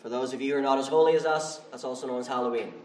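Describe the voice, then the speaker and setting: A male pastor preaching a sermon in a church, conversational and animated. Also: medium pitch, very fast, noisy background. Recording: roomy, from far off the mic.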